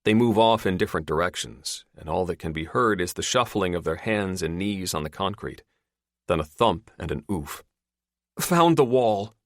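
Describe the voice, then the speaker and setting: A man's voice: sits low, a bit bright, no echo, clean studio sound. A man narrating an audiobook in scripted style, who does all the characters' voices himself.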